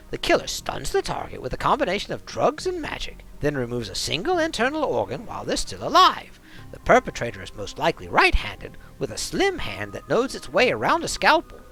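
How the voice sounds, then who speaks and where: A man's voice: on the high side, sharp tone, pitched above the performer's own voice, heavily acted, rough recording. A man voicing a chatty, dryly ironic male dwarf coroner in a game.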